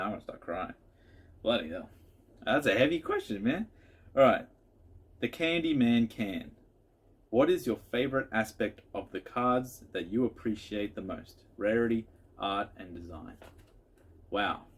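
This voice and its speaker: Husky-voiced man rambling through viewer questions. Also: fairly low pitch. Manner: rambling, chatty, with frequent restarts. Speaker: card collector answering viewer questions. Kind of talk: casual Q&A vlog.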